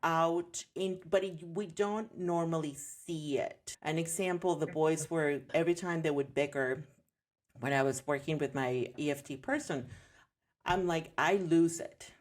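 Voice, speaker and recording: A woman's voice: low-pitched, a little slow. A woman in her thirties sharing her story in a candid interview, earnest and reflective. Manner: earnest, reflective, animated when quoting others. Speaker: podcast guest, homeschooling mom.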